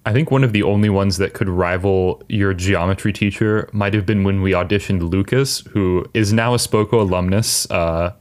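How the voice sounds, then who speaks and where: A man's voice: deep voice, normal speed, few pauses, darkish tone. A man hosting a casual podcast chat, upbeat and joking as he leads the questions. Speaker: podcast host.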